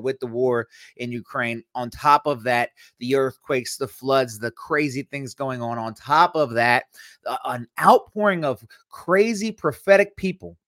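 An energetic man chatting casually as co-host, quick to joke and to lighten the mood. His voice sits at an ordinary middle pitch and comes across dry and close, with no room sound. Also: dry recording. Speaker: podcast co-host. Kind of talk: casual chat.

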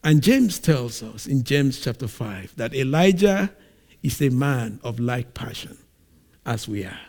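A man from Nigeria preaching a sermon, retelling a scripture story in an animated way. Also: mid-range voice, measured pace. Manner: animated storytelling, acts out scenes.

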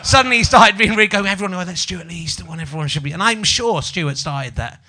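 A bright, fairly high-voiced man in his forties from Yorkshire, with a light Yorkshire accent, hosting a live comedy podcast. He chats loosely and mocks himself while needling the audience. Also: lively intonation, quick pace. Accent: Yorkshire English. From Yorkshire, England. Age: 40s. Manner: chatty, self-mocking, teasing the audience. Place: small live venue with audience.

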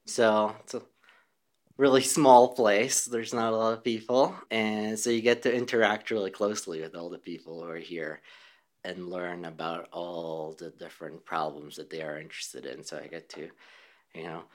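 Male researcher, low voice, considered answers, light laughs, easygoing restarts. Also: fairly even intonation, moderate pace. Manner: thoughtful, with small laughs and restarts. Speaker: physicist and researcher. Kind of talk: conversational interview answers.

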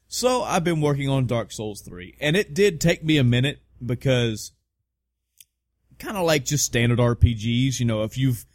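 A man's voice: mid-range voice, no echo, studio quality. Rambling, swearing male podcast host. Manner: rambling, profane, self-mocking. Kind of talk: casual chat.

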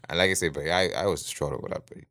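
A man's voice: extremely low pitch, racing, a bit bright, no echo, clean studio sound. A man, co-hosting a casual chat in a laid-back way, laughing often. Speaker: podcast co-host.

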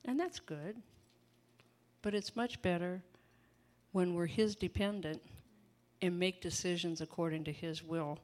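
An older woman with a somewhat low voice delivers a relaxed sermon. She talks in a homey, conversational way, full of asides and easy laughter. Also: a little slow. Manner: chatty, laughing, folksy asides. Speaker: preacher. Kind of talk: informal sermon.

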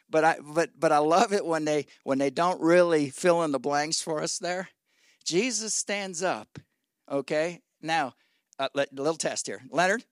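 A man in his sixties preaching a sermon as guest pastor, folksy and exhorting, swinging between loud shouts and low asides. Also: no echo, studio quality. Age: 60s. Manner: folksy, exhorting with 'come on, somebody'.

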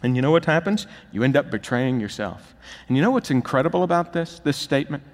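A man's voice: mid-range voice, animated, fast. A man preaching a sermon as pastor, emphatic and building to urgent, rising peaks. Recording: long reverb of a large hall.

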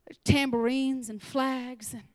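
A woman preaching a sermon to a church, animated and laughing, sometimes dropping into whispers. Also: high voice, measured pace, no echo.

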